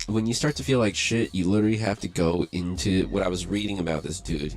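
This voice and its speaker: A man with a deep, low voice rambles through a casual live beatmaking stream. His talk is loose, laid-back and full of casual swearing, drifting from one thought to the next. A faint beat hums quietly behind him. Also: expressive, brisk, few pauses, soft background music. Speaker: livestream beatmaker host. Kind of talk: casual livestream chat.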